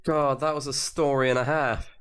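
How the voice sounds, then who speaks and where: A man's voice: medium pitch, fairly even intonation, moderate pace, a bit bright, smooth. A man co-hosting a podcast in casual chat, joking around and swearing offhandedly. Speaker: podcast co-host.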